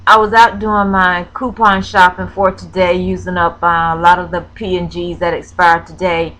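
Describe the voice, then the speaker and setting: A woman from Florida with a lowish voice talks to her viewers in a craft vlog. She halts often with ums and corrects herself. She sounds emotional, on the edge of tears. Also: level tone, normal speed, a bit bright, poor audio. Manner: hesitant, with many ums and self-corrections. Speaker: crafting vlogger. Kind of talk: personal storytelling vlog.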